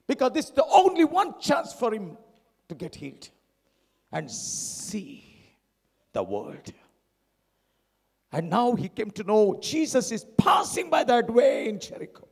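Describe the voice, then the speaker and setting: A man preaching a sermon in a church, dramatic, swinging between loud shouts and hushed tones. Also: extremely high pitch, huge pitch swings, unhurried, long pauses, breathy edge. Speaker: lay preacher. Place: church hall. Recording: long hall reverb.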